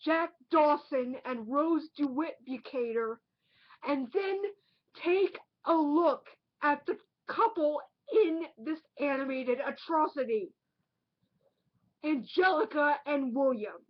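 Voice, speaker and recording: High-voiced, indignant woman ranting. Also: slow, highs cut off. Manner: indignant, emphatic, repeats herself for effect. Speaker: online movie reviewer. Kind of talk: ranting film review.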